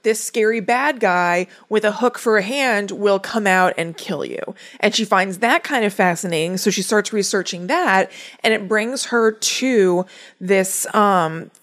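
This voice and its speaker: A woman's voice: medium pitch, measured pace, a bit bright. Chatty woman recapping a movie. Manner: chatty, summarizing plot with asides. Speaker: podcast co-host. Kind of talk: casual chat recapping a movie.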